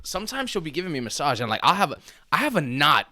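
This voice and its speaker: A man co-hosting a casual podcast, telling stories with a lively, swooping delivery. His voice is bright and forward, and the mic is close and dry. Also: a little high, very fast, no room sound. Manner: animated storyteller, bursts into loud laughter. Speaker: podcast co-host. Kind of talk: casual chat.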